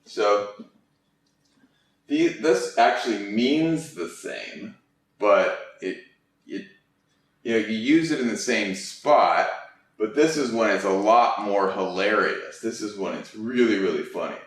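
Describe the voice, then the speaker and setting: A man's voice: lowish voice, lively intonation, takes it slowly. A young adult man teaching an English lesson in a casual, chatty way, acting out quoted reactions as he explains. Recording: echoey room, distant mic.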